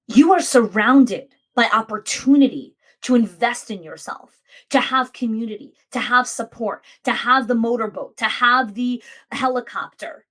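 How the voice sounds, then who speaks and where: A woman with a somewhat high-pitched voice hosts a motivational podcast. She speaks emphatically, repeating key phrases to drive them home. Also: normal speed, pushed and bright. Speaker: podcast host.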